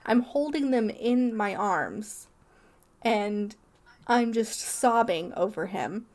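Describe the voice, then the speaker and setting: Slow-talking young woman telling a story. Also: mid-range voice, lively intonation. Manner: rambling, lots of "like" and restarts. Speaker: podcast co-host. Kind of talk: casual storytelling.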